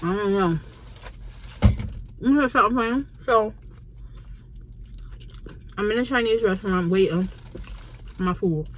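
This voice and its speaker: A New York woman with a matching accent vlogs from indoors at a Chinese restaurant, her mid-range voice measured and often pausing, with a little hiss or hum. She tells a story in a casual, slangy, blunt way.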